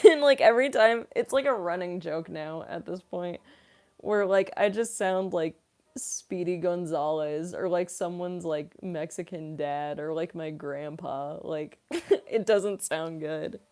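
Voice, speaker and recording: A woman's voice: lowish voice, fairly even intonation, slow, warm tone. A young woman voice actress chatting casually on a livestream Q&A, rambling with lots of fillers and frequent giggles. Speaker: voice actress streamer.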